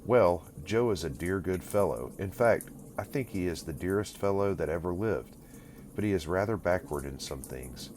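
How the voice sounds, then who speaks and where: A young man puffed up by new fortune speaks in a lofty, condescending tone, voiced by an audiobook reader. The voice is very deep, and it is told as an audiobook. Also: animated, normal speed, a little mellow, slight background noise. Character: proud young man newly come into fortune.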